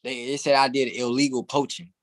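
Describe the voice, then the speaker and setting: A man's voice: mid-range voice, little pitch movement, fairly quick. A young man, a guest in an interview, telling a long story casually and animatedly, swearing freely and laughing as he goes.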